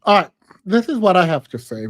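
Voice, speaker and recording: A man's voice: high voice, big pitch swings, brisk, fairly bright tone, no echo, studio quality. A man hosting a live stream, chatting casually and laughing often between his points. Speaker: streamer and commentator.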